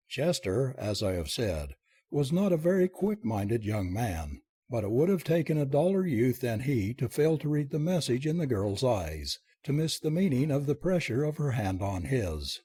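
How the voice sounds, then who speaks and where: A man narrating a comic story as an audiobook reader, reading in a lively, expressive way. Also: mid-range voice, normal speed, breathy edge, no echo.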